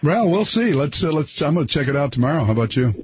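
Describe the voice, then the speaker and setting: A man's voice: fairly high pitch, sing-song, fast, a little hiss or hum. A man hosting a talk radio show, rambling casually with many restarts and fillers. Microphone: studio microphone. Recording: slightly dull broadcast sound.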